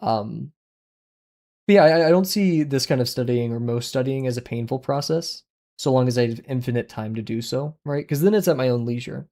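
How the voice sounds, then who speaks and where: A young man chats with his viewers while he draws on a livestream. He rambles from topic to topic and often breaks into laughter. His voice sits in an ordinary middle pitch, but it bounces up whenever he gets excited. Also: a little fast. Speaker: art livestreamer. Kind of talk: casual chat with viewers while drawing.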